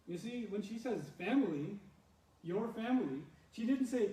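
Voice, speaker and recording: A man teaching a scripture lesson in an animated manner, acting out quotes and laughing often. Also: high voice, normal speed, reverberant, distant mic, low-quality recording. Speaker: religious lecturer.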